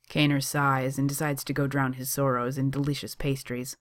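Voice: medium pitch, flat delivery, normal speed, few pauses. A reader narrating a story in a chatty tone with sarcastic asides. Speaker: audiobook reader.

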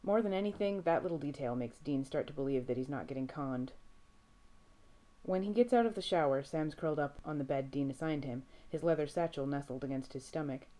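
A woman narrating a story aloud in a steady, measured reading voice. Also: low voice. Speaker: reader. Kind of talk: audiobook fiction reading.

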